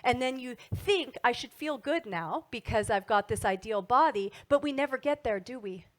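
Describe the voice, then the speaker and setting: A middle-aged woman giving a motivational wellness talk to an audience, animated and asking frequent tag questions. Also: on the high side, normal speed. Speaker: wellness speaker.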